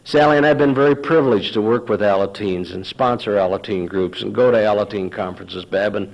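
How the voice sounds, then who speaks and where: A man's voice: lowish voice, fairly quick, gravelly, lo-fi sound. A man speaking at a recovery meeting, telling his own story and acting out past arguments in a storytelling manner. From Texas. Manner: storytelling, acts out dialogue with sarcasm. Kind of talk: personal testimony talk.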